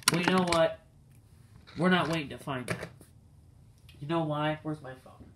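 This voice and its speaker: A man's voice: fairly high pitch, measured pace, pauses often, noisy background. A young man reviewing a toy race car for his channel, talking straight to viewers in an exasperated, ranting way. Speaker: diecast collector reviewing cars. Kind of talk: casual video review.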